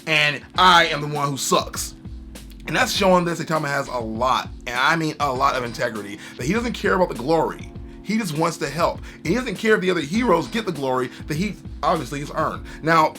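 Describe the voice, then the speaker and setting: Brief: energetic male reviewer, bright forceful voice, fairly high, chatty recap. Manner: enthusiastic, animated, slips into character voices. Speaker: anime reviewer. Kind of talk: casual episode recap.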